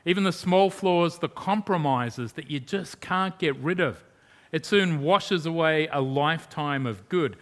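A man preaching a sermon in an emphatic way, asking rhetorical questions and swinging from loud to hushed. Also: on the high side, a little slow.

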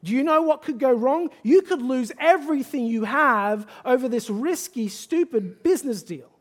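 A man's voice: very high voice, lively intonation, normal speed. A man voicing a stern father who scolds his reckless son in disbelief, as part of a sermon. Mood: scolding. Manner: incredulous, scolding. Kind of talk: sermon role-play.

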